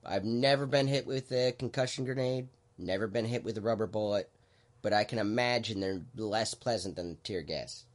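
A man hosting a podcast, explaining things in a relaxed, halting way with lots of fillers. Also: lowish voice. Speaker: podcast host. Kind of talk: casual podcast chat.

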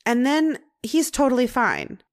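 A young adult woman hosting a podcast, telling a true-crime story in a casual, chatty way. She uses many "like" fillers and drops into dramatic pauses. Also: high voice, huge pitch swings. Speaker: podcast host.

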